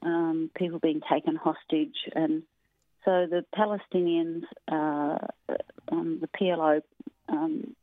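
A woman, a former athlete, recalling events in a halting, hesitant way as an interview guest. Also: sits low, little pitch movement, no echo. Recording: tinny phone line.

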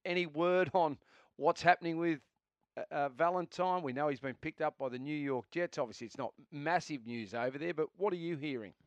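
A man's voice: on the high side, a little fast, no room sound, lo-fi sound. A man hosting sports radio, asking questions in a conversational way. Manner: inquisitive, conversational. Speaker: radio host.

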